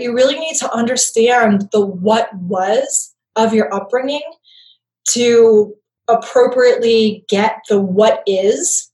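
A woman's voice: fairly high pitch, a little mellow, roomy sound, rough recording. A woman speaking as an interview guest, explaining attachment in a conversational way and often checking in with "right?". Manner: conversational, frequent tag "right?".

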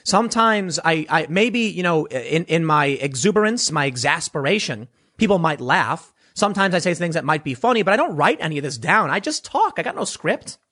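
A man's voice: a little high, big pitch swings, a little fast, hardly any pauses, bright, forceful tone. A man giving an unscripted commentary monologue in a sarcastic, dismissive manner.

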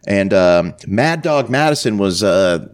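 A man from Canada recapping a film in loose, conversational talk, his pitch bouncing lively as he retells scenes. He jumps in and out of voices for the characters he describes. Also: slow. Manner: animated retelling with frequent impressions. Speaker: podcast co-host. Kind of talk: casual chat.

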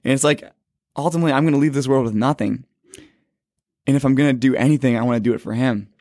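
A man's voice: medium pitch, a little mellow, no room sound, clean studio sound. A man of twenty casually telling his faith testimony. He rambles, fills his talk with "like" and corrects himself as he goes. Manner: rambling, heavy use of "like", quick self-corrections. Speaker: speaker sharing a faith testimony. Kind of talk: casual personal storytelling.

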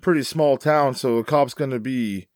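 A man's voice: medium pitch, normal speed, darkish tone, dry recording, clean studio sound. A man chatting casually about a film, wry and swearing freely. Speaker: podcast co-host. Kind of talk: casual chat.

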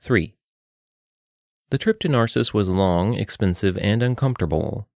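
Gravelly low-voiced man narrating a novel. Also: animated, normal speed, darkish tone, dry recording, clean studio sound. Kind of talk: audiobook narration.

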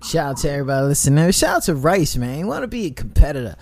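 A man's voice: on the high side, racing. A man hosting a casual hip-hop interview, talking in slang and telling stories with lots of asides. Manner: animated storyteller, slangy, lots of "you know what I'm saying". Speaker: podcast host.

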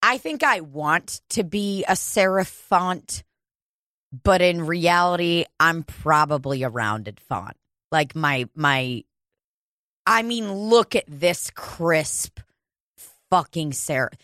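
A woman's voice: lowish voice, expressive, takes it slowly, fairly bright tone, no echo, clean studio sound. A woman in casual chat, rambling and joking crudely, laughing often.

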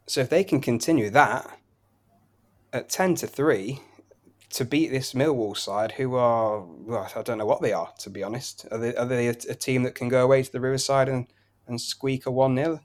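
On a casual betting tips chat, a podcast co-host lists his football picks, scores, and odds quickly in long, flowing stretches. He speaks at an ordinary middle pitch with a relaxed, conversational delivery.

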